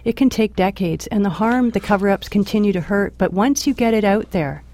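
A woman's voice: medium pitch, a little fast, mellow. A woman speaking firmly and measuredly as a radio show guest. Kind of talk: radio interview answers.

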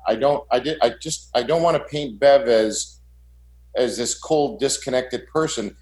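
A man's voice: medium pitch, a little mellow. Guy confessing about his marriage, keeps restarting, echoey room. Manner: halting, repeats words while searching for them. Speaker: guest sharing his marriage story. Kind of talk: personal confession.

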